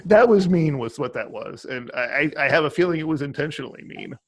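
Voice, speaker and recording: A man hosting a casual interview, teasing his guest with wry remarks and halting restarts. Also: medium pitch, fairly bright tone. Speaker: podcast host.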